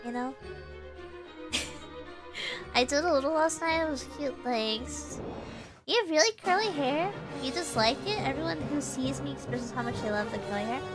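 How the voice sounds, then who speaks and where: A woman's voice: sits high, expressive, normal speed, pauses often, over music. A woman with a Texas accent chatting casually on a live stream. She laughs often, answers chat and restarts her sentences, and her nose is a little stuffy. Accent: Texan. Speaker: VTuber streamer.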